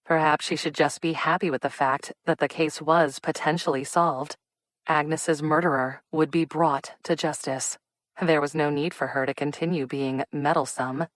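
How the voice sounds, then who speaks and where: A woman narrating a cozy mystery audiobook in a smooth, even reading. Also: low-pitched, moderate pace, dry recording. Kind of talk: scripted narration.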